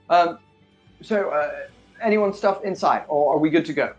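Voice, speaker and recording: A man's voice: a little high, measured pace, dull audio, over music. Stammering casual man running a tabletop game. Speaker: dungeon master.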